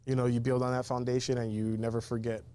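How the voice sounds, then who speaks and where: A man's voice: mid-range voice, level tone, fast talker, warm tone, smooth. Earnest male food truck owner. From Hawaii. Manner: earnest, leans on "you know". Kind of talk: casual interview chat.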